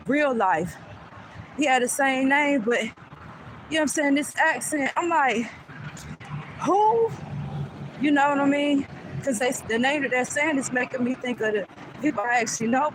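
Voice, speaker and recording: A woman's voice: high voice, noisy background. A woman vlogger telling a casual storytime in a chatty way, often asking "you know what I'm saying".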